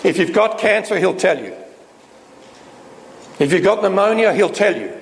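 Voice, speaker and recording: A man preaches a sermon in an emphatic style, often asking rhetorical questions. His pitch swings up and down, and his voice sits a little on the high side. The recording is roomy, with a long hall reverb and faint background noise. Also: very animated, moderate pace, vocal fry.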